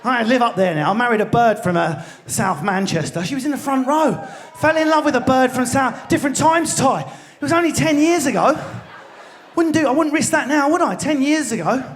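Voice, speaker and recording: A man's voice: very high-pitched, brisk, slight background noise. A man with an Essex and London accent doing live stand-up comedy in a large theatre, brash, sweary and baiting the crowd. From Enfield, England.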